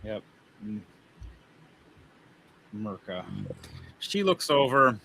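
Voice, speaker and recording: A man's voice: mid-range voice, normal speed, long pauses, bright, forceful tone, a little hiss or hum. A man narrating as game master, rambling and often laughing.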